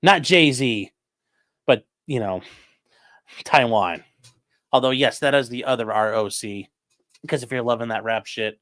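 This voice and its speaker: A man's voice: medium pitch, a little slow, pauses often, a bit bright, dry recording, clean studio sound. A man hosting a livestream, reading viewer donations and giving casual commentary in a sarcastic, rambling way with casual swearing.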